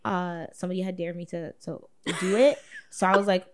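A woman's voice: fairly low pitch, little pitch movement, brisk. Blunt, profane woman. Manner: blunt, profane, laughs often. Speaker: guest. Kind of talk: casual chat.

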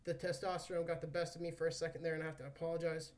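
A man's voice: a little high, level tone, racing, far from the mic. A man hosting a podcast, talking casually and joking around, swearing now and then. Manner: laid-back, jokey, swears casually. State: out of breath after squats. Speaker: podcast host.

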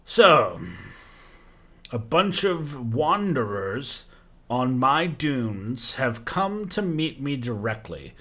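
A man's voice: medium pitch, big pitch swings, drawn-out words, bright, forceful tone, pitched above the performer's own voice, heavily acted. A man voicing a huge, proud male fire giant king who speaks grandly and theatrically. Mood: grand, amused.

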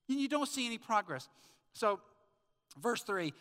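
A man's voice: high-pitched, sing-song, moderate pace, long pauses, sharp tone. A man pastor preaching a sermon in a church sanctuary, telling stories and firing off rhetorical questions with emphasis. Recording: long church hall reverb.

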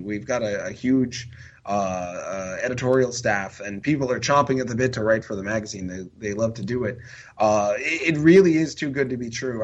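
A chatty man talking casually on a podcast, easygoing and self-deprecating, with a voice of middling pitch. The recording sounds dull and lo-fi. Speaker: podcast co-host and magazine writer. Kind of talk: casual chat.

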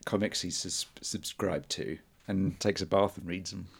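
A British man chatting on a podcast with a very deep, gravelly voice and a husky edge. He drops dry, understated comments in a relaxed way. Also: normal speed. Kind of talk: casual chat.

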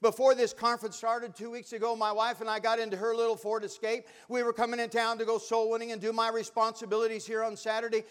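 A man's voice: very high-pitched, monotone, fast talker, hardly any pauses, a bit bright, clear, resonant tone. An older man preaching a sermon, telling folksy stories and building to fervent exhortation.

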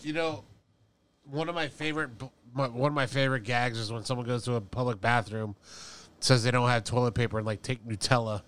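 A man speaking casually as a podcast guest in an ordinary mid-range voice. He talks haltingly, restarting his sentences and filling pauses as he goes. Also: mid-range voice, fairly even intonation, a bit bright. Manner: halting, with many restarts and fillers. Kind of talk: casual chat.

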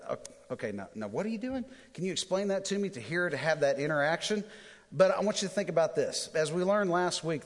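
Man, thirties, preaching, lively self-deprecating storyteller, long reverb. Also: fairly high pitch. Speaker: pastor. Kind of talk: sermon with personal storytelling. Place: church auditorium.

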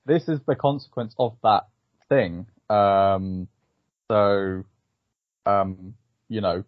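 A man's voice: on the low side, slow, dry recording. A man co-hosting a podcast, musing thoughtfully about an episode in casual chat with many "you know"s. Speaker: podcast co-host. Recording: dull lo-fi, dry.

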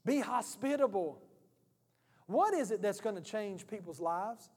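A male pastor delivers a lively, joking sermon, talking to the congregation like a friend. His voice is high for a man. A long reverb from the church hall trails behind him. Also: unhurried. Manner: animated, humorous, conversational preaching.

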